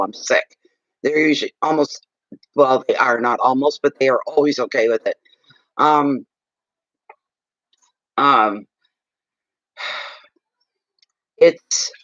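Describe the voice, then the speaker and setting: A man's voice: mid-range voice, a bit bright, no echo. Older guy rambling on a reading stream, talks w his mouth full, dull muffled audio, dry. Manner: rambling, chatty, talks while eating. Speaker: psychic reader. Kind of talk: casual livestream chat.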